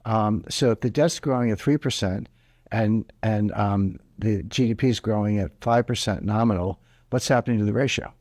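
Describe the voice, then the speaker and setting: In a dry, studio-quality recording, a man with a fairly low, darkish voice speaks at a moderate pace. He's an economic commentator giving interview answers, explaining emphatically and pressing his key points hard.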